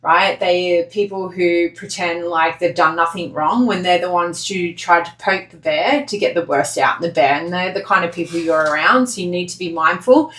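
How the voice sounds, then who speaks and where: Blunt, low-voiced woman reading tarot. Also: moderate pace, few pauses, a bit bright. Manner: blunt and chatty, swears freely. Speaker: tarot reader. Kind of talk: casual pick-a-card tarot reading. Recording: echoey room.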